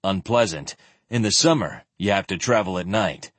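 Curt, deeper-voiced knight read by a man, dry and clipped, for a fantasy audiobook. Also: moderate pace, no echo. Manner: terse, dry.

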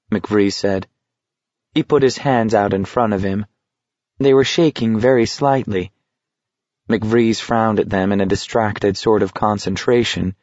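A man with a lowish voice narrates an audiobook from a script, telling the story in a measured, even manner. The recording is dry, dull, and slightly muffled.

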